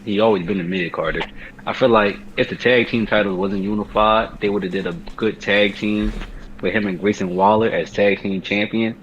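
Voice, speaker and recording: A man's voice: on the low side, fairly even intonation, normal speed, fairly bright tone. A man co-hosting a casual wrestling talk show, blunt and dismissive in his opinions. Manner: blunt, hesitant with fillers, dismissive. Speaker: podcast co-host. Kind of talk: casual chat about wrestling. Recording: slightly dull lo-fi sound with faint noise.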